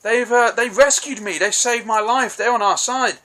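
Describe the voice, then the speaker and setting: A man putting on the voice of a cheerful bandaged male soldier, eager to explain himself, in a high excited pitch. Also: moderate pace.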